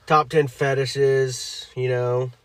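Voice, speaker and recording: A man's voice: medium pitch, flat delivery, takes it slowly, a bit bright. A man co-hosting a podcast, chatting casually, with loose, crude, laughing humor. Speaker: podcast co-host. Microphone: studio microphone.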